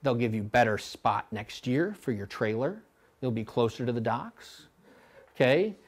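A middle-aged man coaching coxswains at a clinic, blunt and animated, now and then mimicking rowers in a high voice. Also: unhurried, slightly rough. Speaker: rowing coach.

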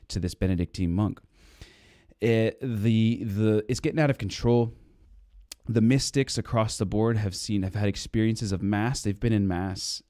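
A man preaches in a low, conversational voice that turns emphatic as he drives his points home. The recording is dry and close, with no room sound around him. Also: a little mellow, dry recording. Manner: conversational, emphatic, rising to heated when indignant. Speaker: Catholic preacher. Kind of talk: informal preaching to camera.

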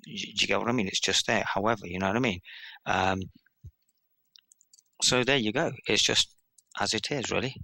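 British man, deep gravelly voice, rapid rambling storyteller, bright tense tone, dry close sound. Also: dry recording. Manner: excitable, rambling, playful teasing. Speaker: guest. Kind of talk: animated storytelling in conversation.

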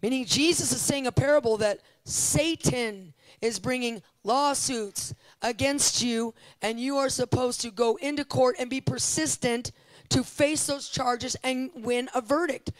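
A middle-aged woman preaching at a conference, telling testimonies in an animated, emphatic way and repeating phrases for emphasis. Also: fairly high pitch, dry recording, rough recording.

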